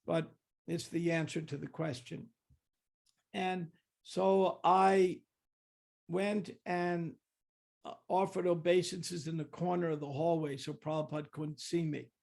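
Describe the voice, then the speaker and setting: A man's voice: on the high side, flat delivery, a little slow, vocal fry, a little mellow. An older man giving a reflective storytelling talk, often restarting and acting out what people said. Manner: reflective, with many restarts and acted-out quotes. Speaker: guest speaker.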